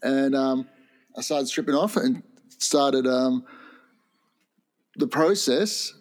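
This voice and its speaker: A man with a mid-pitched voice tells a story in casual chat. He keeps his delivery dry and understated. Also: slow pace.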